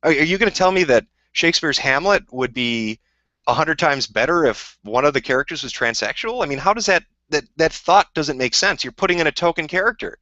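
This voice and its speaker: On a live stream, a man fields viewer questions in a rambling, profane, combative rant. His voice is fairly high, expressive and brisk, with a pushed, bright quality and no echo. The casual rant comes through as dull, dry lo-fi audio.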